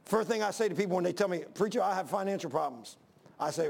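A man's voice: sits high, quick pace, creaky, a little mellow. An older man preaching a sermon in church, emphatic, folksy and repetitive, driving home each point. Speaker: pastor.

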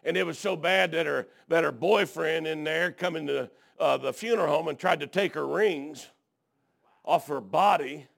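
Speaking at a moderate pace in a slightly high, creaky voice, a preacher delivers a folksy, story-filled sermon peppered with amens, his volume rising from a hush to a shout.

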